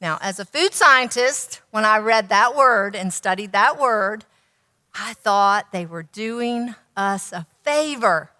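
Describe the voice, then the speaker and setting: A woman's voice: mid-range voice, lively intonation, takes it slowly, pushed and bright, in a large hall. A woman nutritionist giving a teaching talk, telling stories and asking the audience rhetorical questions.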